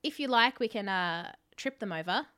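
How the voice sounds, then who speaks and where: A woman podcast co-host pitching a show in improvised comedy, with a deadpan, salesy delivery. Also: normal speed, clean tone.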